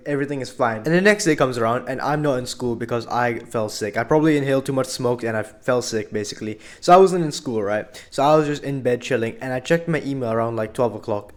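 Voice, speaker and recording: A young man casually telling a story about his school days, rambling and full of fillers. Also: mid-range voice. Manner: rambling, filler-heavy, animated retelling.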